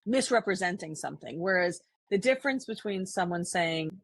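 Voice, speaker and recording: Husky-voiced woman, low and earnest. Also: expressive, a little fast, dry recording. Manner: earnest and reflective, frequent restarts. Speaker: podcast co-host. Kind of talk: casual conversation.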